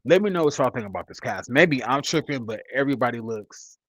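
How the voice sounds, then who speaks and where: A man's voice: medium pitch, animated, fairly quick, a bit bright, no room sound, poor audio. A man in his mid-thirties giving casual, rambling commentary as a reality TV reviewer, blunt and profane. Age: 30s.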